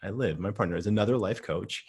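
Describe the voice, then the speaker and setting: Host, man from Pittsburgh, low husky voice, reflective and rambling, on a video call. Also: quick pace, a little mellow. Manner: reflective, rambling, trailing phrases. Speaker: interview host, coach training co-founder. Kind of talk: casual conversational interview.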